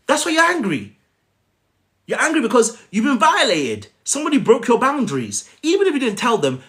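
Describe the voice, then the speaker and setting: A man's voice: extremely high pitch, big pitch swings, normal speed, fairly bright tone. A man coaching viewers on a live stream, emphatic, often checking in with "okay?" and addressing them by name. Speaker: life coach. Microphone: phone on a live stream.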